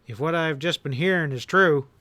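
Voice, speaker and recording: A man's voice: fairly high pitch, moderate pace, bright, forceful tone. A man voicing a hard, furious outlaw boss in a western audiobook, snarling and roaring his threats. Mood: ominous.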